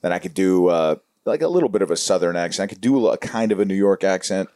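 A man's voice: sits low, animated, fast talker, warm tone. A young man from Los Angeles, a guest talking casually about pranks and acting in a laid-back, drawling way. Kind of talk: casual interview chat.

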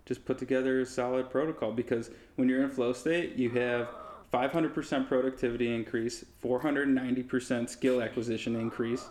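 A man co-hosting a podcast, chatting casually and explaining things in a relaxed way. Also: medium pitch, brisk. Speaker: podcast co-host. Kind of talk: casual chat.

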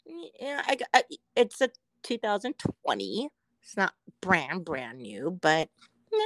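A woman's voice: lowish voice, huge pitch swings, measured pace, no echo, clean studio sound. A woman co-hosting a podcast in casual chat, rambling, swearing and laughing often. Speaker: podcast co-host.

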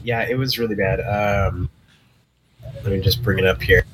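A man's voice: sits low, fairly even intonation, normal speed, background noise. A man in a casual podcast chat, talking in an easygoing, rambling way.

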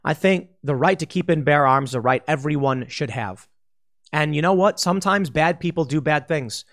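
A man's voice: fairly high pitch, moderate pace, a bit bright. A man hosting a political commentary monologue, blunt and argumentative, often acting out mocking voices. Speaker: host.

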